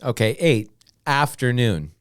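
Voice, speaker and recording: Slow, deliberate American English teacher man. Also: medium pitch, sing-song, clean tone, no room sound, studio quality. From United States. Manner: drills words slowly, repeating each one with many "okay"s. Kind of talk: slow, repetitive beginner English lesson.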